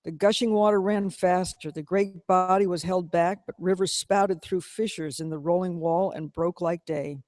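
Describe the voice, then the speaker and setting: A man's voice: sits high, steady tone, a little mellow, no echo, clean studio sound. Man reading a novel aloud dramatically. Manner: measured, dramatic narration. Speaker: reader.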